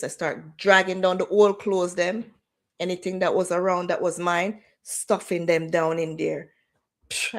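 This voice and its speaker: A woman in her forties with a lilt tells her own story on a livestream. She speaks openly and with feeling, and she brings the people in her story to life through their quoted words. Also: on the low side. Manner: candid, emotional, animated retelling with quoted dialogue. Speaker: livestream host.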